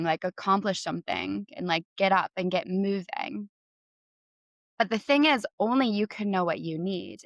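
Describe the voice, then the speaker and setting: A young woman hosting a podcast, talking earnestly with many "like"s and leading a gentle breathing exercise. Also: medium pitch, dry recording. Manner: warm, earnest, says "like" often. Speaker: podcast host and coach. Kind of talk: casual talk with guided breathing.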